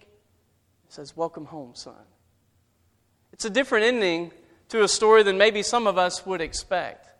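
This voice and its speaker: A man preaching a sermon and retelling a parable as a story. He builds his intensity and then drops to a quiet voice for tender moments. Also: high-pitched. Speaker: pastor. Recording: reverberant hall.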